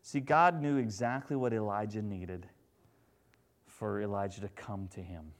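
A man preaching a sermon, moving between loud, animated retellings and hushed, gentle passages. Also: fairly low pitch, unhurried.

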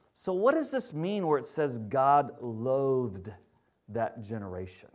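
A man preaching as a pastor often pauses to check in with his audience. His conversational sermon moves between loud, emphatic points and quiet, low stresses.

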